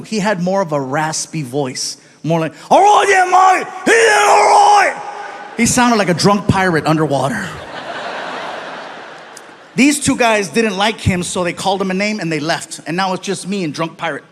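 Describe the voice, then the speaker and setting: Male stand-up storyteller, high voice, animated, live on stage. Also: moderate pace, crowd noise, noisy background. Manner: animated, puts on voices for people in his stories. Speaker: stand-up comedian.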